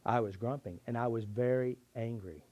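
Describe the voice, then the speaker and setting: A man's voice: medium pitch, normal speed, a little mellow, muffled recording. A middle-aged man teaching a tapping therapy method, telling a personal story in an earnest, confessional way. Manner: earnest, confessional, with shifting emphasis.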